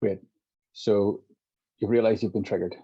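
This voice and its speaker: Middle-aged male guest, low husky voice, reflective explainer, dull lo-fi sound. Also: fairly even intonation, measured pace, mellow. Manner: reflective, walks through examples with hypothetical dialogue. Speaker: guest, compassionate inquiry practitioner. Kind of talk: explanatory interview talk. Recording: dull lo-fi audio.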